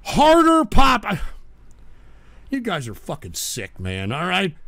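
Man, sick, livestream host, high gravelly voice, wildly swinging pitch, dry close sound. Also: wildly swooping pitch, takes it slowly, no echo. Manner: exasperated, shouts at trolls, swears. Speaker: livestream talk show host. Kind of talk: casual livestream rant.

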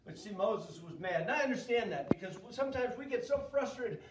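A middle-aged man leading a children's Bible lesson, telling the story in a lively way and asking the kids questions. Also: high voice, fairly quick, background noise. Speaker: children's church teacher. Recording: echoey room, voice from a distance.

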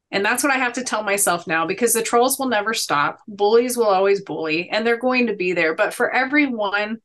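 A woman's voice: medium pitch, fairly bright tone. A woman in her thirties, a podcast guest, telling stories in an earnest, emphatic, motivational way. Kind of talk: conversational storytelling.

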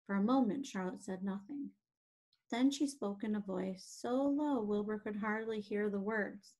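A woman gently and expressively reading a children's book aloud as narrator. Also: medium pitch, a little slow.

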